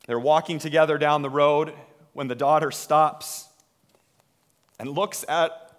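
Brief: male pastor, sermon delivery, unhurried and slightly high-pitched, long reverb tail. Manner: slow, dramatic delivery with hushed drops and swells.

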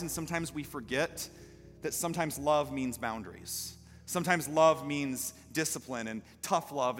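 Bright-voiced preacher in a reverberant sanctuary. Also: male voice, on the high side. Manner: storytelling that builds to loud, impassioned preaching. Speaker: pastor. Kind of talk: sermon. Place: church sanctuary. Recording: live hall reverb with faint music.

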